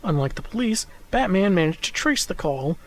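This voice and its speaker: A man's voice: high-pitched, sing-song, normal speed, poor audio. A man recapping comic book issues in scripted narration, with dry, sarcastic asides.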